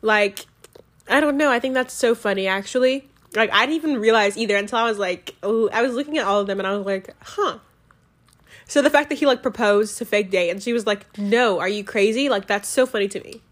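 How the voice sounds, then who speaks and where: A young woman chatting casually about a book she loved, rambling and excitable, full of "like" fillers, recorded on a home mic. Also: on the high side, fast. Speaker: book reviewer. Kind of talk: casual book review chat.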